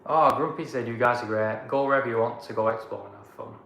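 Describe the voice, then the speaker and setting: A travel vlogger from Blackburn, England, with a Lancashire accent, casually reads out and answers viewer comments in a chatty, rambling live-chat Q&A. His mid-range voice is quick, pushed and bright with vocal fry, in an echoey room with background noise.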